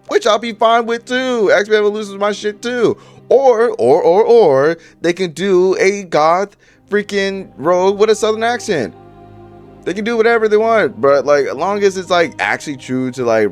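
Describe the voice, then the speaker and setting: Slangy young man giving blunt opinions. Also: a little high. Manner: slangy, profane, talks straight to viewers. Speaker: YouTuber reviewing movie casting. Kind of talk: casual opinion commentary.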